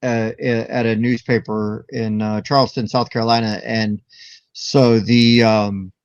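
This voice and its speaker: A man's voice: medium pitch, level tone, unhurried, smooth, dry recording. A man co-hosting a casual board game chat over a video call, talking in a rambling, enthusiastic way with lots of fillers. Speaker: co-host. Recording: dull lo-fi video call audio.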